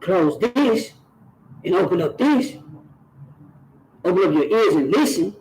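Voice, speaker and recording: A man's voice: sits high, big pitch swings, unhurried, a little mellow, slight background noise, rough recording. A man speaks straight to his viewers. He talks earnestly and preaches a little, circling back to the same phrases to drive each point home. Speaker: YouTube channel host. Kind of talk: direct-to-camera talk.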